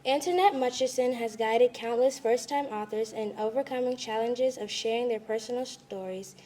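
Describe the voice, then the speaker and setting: Woman, introducer, mellow dark tone, slightly high, formal prepared reading. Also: normal speed. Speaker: event introducer. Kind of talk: read introduction.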